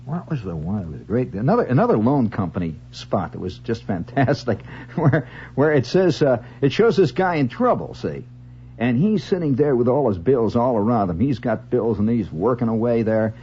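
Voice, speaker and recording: A man's voice: medium pitch, sing-song, normal speed, warm tone, a little hiss or hum. A man hosting a radio monologue, reciting verse wryly and rambling into stories with comic asides. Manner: rambling storyteller who slips into comic voices. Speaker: radio host. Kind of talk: late-night radio monologue. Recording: lo-fi 1970s radio broadcast with guitar behind.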